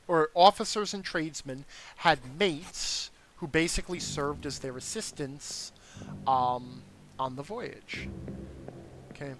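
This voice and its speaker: A man with a fairly high, bright voice talks through a game in a lively, rising and falling tone. He lectures patiently and methodically, pausing to explain each detail to his viewers. Now and then he answers comments from his live chat. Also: slight background noise. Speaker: game streamer.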